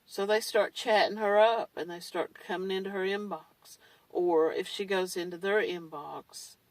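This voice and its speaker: A woman's voice: medium pitch, steady tone, unhurried, no room sound, recorded from a distance, low-quality recording. A woman talking in a blunt, candid way, with mild swearing, in a casual monologue. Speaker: survivor vlogger. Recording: dry, set back from the mic.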